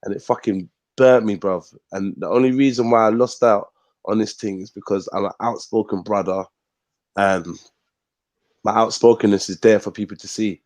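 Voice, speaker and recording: A man's voice: fairly low pitch, moderate pace, no room sound. A young man hosting a casual live chat show, telling stories animatedly and acting out what people said. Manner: animated, acts out quoted speech.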